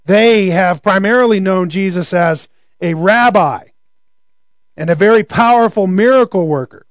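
A man's voice: sits high, measured pace, no room sound. A man preaching a conversational sermon, often asking rhetorical questions.

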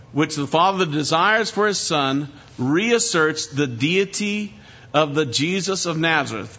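A male pastor delivering a sermon in an emphatic preaching voice that climbs for stress and sinks low. His tone is bright and a little higher than most men's. The recording sounds dull and lo-fi. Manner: emphatic preaching, rising and falling.

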